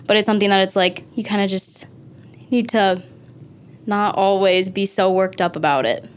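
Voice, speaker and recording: A woman's voice: medium pitch, steady tone, normal speed, clear, resonant tone. Chatty young woman accounting intern. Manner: chatty, says "like" a lot.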